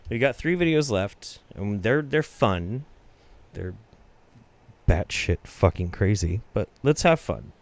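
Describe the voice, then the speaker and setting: Swearing man with a lively voice. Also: on the low side, slow. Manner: heavy swearing, swings between shouted rants and quiet asides. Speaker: host. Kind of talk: profane reaction commentary.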